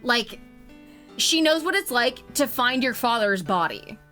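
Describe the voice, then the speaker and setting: A woman streaming a video game, reacting with giggly, animated commentary. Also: a little high, a little slow, soft background music. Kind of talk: let's play commentary.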